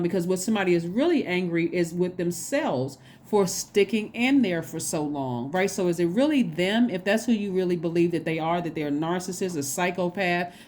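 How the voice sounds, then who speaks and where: A woman's voice: fairly low pitch, darkish tone, slight background noise. A woman giving a casual spoken tarot reading. She rambles, repeats her phrases and checks in with "right?". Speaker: tarot reader.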